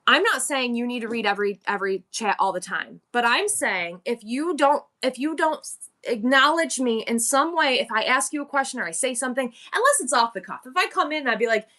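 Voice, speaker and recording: A fairly high, bright, forceful woman's voice chats straight to her viewers during a live-selling stream. She is animated and conversational, moving between advice and quick greetings to her audience. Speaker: live-stream seller and show host.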